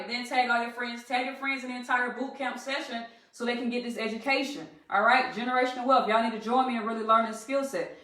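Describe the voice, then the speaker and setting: Southern woman, trading coach on a live stream, chatty and rallying, slightly high voice, distant and echoey. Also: fairly bright tone. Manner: chatty, rallying, addresses viewers as y'all. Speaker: trading instructor. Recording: echoey room, distant from the mic.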